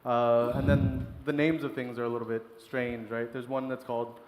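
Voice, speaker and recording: A man, a chef, talking casually and quickly in an interview with laughing asides. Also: mid-range voice, flat delivery, a little mellow. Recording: echoey room with long reverb.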